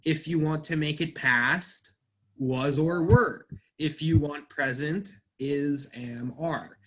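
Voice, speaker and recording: A man's voice: fairly high pitch, takes it slowly. A man teaching an English grammar class, explaining patiently step by step and quizzing his students.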